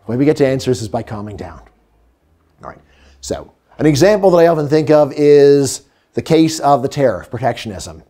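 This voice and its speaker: A middle-aged man giving a lively, humorous economics lecture. He acts out quotes and sometimes drops to a hush. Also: medium pitch, brisk. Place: lecture hall.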